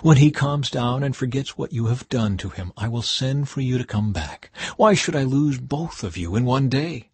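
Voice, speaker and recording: An anxious mother urges her son to flee in earnest, hurried words, read by a man in his own voice. The voice is husky and the sound close and dry. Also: medium pitch, animated, darkish tone, no room sound. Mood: urgent. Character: anxious scheming mother, middle-aged woman.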